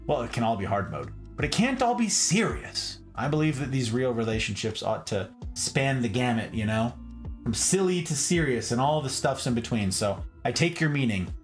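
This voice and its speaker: A man hosts a late-night stream from home, talking to his chat in a playful, animated way. His pitch swings widely from line to line. Soft music plays faintly behind him. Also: moderate pace. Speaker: livestream host.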